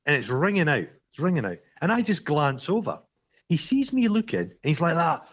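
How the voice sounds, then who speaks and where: Sweary, animated Scottish man, lo-fi. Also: on the high side, brisk, slightly rough. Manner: sweary, animated storytelling, acts out quarrels. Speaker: podcast co-host. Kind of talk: casual chat.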